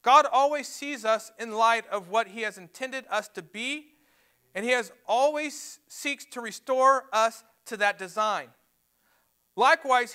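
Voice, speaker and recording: A man's voice: very high voice, sharp tone, clear, resonant tone. A man preaching a sermon to a church, emphatic and repeating words as he builds his points. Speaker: pastor. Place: church sanctuary.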